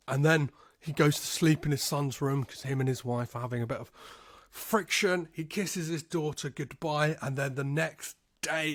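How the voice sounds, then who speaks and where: A man hosting a podcast, recapping a film in a laid-back way, swearing freely and filling pauses with "um". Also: on the high side, dry recording, studio quality. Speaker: podcast host.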